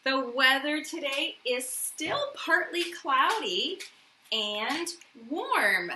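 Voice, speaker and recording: A woman's voice: high-pitched, sing-song, very slow, sharp tone, distant mic, slight background noise. A woman teacher leading a morning meeting lesson for young children, patient, asking questions and giving praise. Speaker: elementary school teacher. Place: classroom. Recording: roomy echo.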